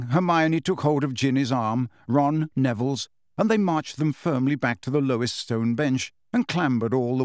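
A man narrating a storybook in an expressive, measured reading. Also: mid-range voice, no echo, studio quality. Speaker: audiobook narrator.

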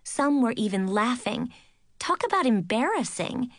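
A woman narrating a first-person audiobook in a lively, expressive storytelling manner. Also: on the high side, unhurried, dry recording, studio quality.

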